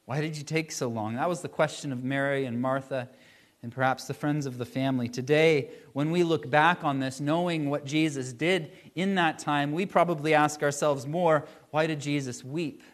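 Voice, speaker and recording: A male pastor with a fairly high voice delivers a sermon. He speaks earnestly, slowing down to stress key phrases and letting his voice rise and fall. The tone is warm, sincere and steady.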